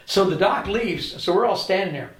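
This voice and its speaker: An older man recounting his past as an interview guest, a lively anecdotal storyteller who acts out the dialogue. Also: high-pitched, normal speed. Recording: roomy echo.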